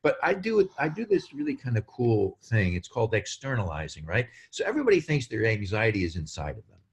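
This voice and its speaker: Low-voiced man, animated podcast guest. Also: brisk. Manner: animated, explanatory, acts out quotes. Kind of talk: casual podcast chat.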